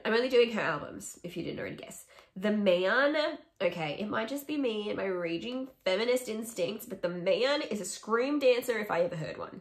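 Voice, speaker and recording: A young woman vlogging, talking casually and opinionatedly through a song ranking with sarcastic asides. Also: mid-range voice. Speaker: music vlogger. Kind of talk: casual ranking chat to camera. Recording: echoey room.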